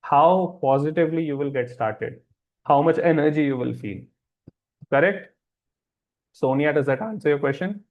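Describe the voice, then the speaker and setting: A man's voice: a little high, normal speed, long pauses, phone-quality sound. A man hosting a wellness webinar, reassuring listeners and often checking that they follow. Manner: reassuring, repeats check-in questions. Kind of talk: live webinar talk answering chat questions.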